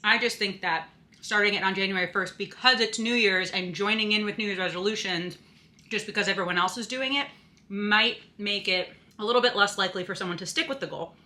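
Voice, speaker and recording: A woman's voice: mid-range voice, fairly quick, bright, forceful tone. A young woman vlogging in a casual, chatty way, filling her talk with "like" and "you know", a bit out of breath. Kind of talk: casual vlog chat.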